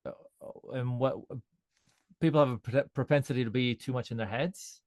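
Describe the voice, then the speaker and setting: A man's voice: mid-range voice, normal speed, dry recording. Sound healer man, casual interview, loose rambling delivery, dry close sound. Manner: relaxed, rambling with frequent restarts.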